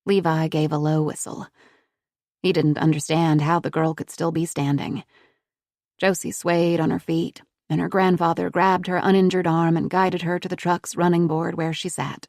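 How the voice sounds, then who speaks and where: A woman narrating a thriller audiobook in a measured, even storytelling manner. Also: lowish voice, creaky, dry recording, studio quality.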